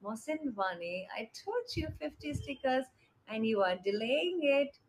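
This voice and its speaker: A woman's voice: high-pitched, very animated, unhurried, slight background noise, poor audio. A young woman with an Indian accent chatting affectionately with viewers on a live stream, greeting them by name and blowing kisses. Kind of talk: casual live-stream chat.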